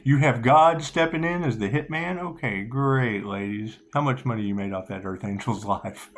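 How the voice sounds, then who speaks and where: A middle-aged host of a spiritual channel rambles sarcastically, circling back to the same phrases and abruptly getting loud. He has a mid-range voice at a moderate pace, with slight background noise.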